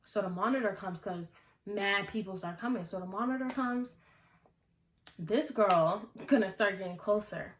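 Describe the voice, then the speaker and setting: A young woman tells a story to her camera and acts out what everyone said back then. Her voice sits in a middle pitch for a woman. The room around her is echoey. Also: unhurried, slight background noise. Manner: animated storytelling, acting out her own past lines. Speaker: vlogger. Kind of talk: casual storytime vlog.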